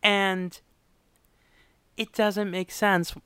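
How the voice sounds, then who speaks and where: This high-voiced man draws out his words in a clean tone with no echo. As co-host of a casual podcast, he recaps a sitcom with acted-out quotes, lots of laughter, and an animated storytelling style.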